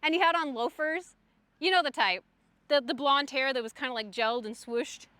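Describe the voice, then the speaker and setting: A young woman livestreamer telling a story in casual chat, animated and full of fillers. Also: high-pitched, normal speed. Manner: chatty, animated, frequent "like" fillers.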